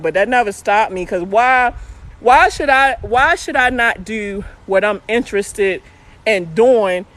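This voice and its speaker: A truck driver with a Baltimore accent chats animatedly on a live stream, laughing often and swearing as she reads viewer comments. Her voice is mid-range and a bit bright.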